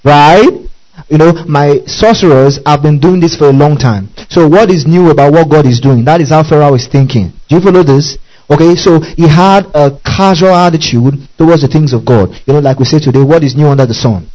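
A man's voice: a little high, a little fast, darkish tone, poor audio. A man preaching a Bible-study sermon, repeating key words, spelling out Greek terms and often checking in with his listeners.

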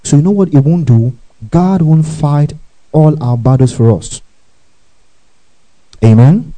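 Male preacher mid-sermon; drives call-and-response and climbs to loud, high exclamations. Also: takes it slowly, rough recording. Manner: call-and-response, urging the congregation to repeat after him.

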